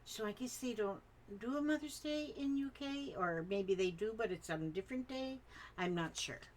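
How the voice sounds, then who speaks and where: A woman's voice: a little high, expressive, moderate pace, a little hiss or hum. An older woman hosting her craft channel, reading viewer comments aloud and chatting in rambling asides.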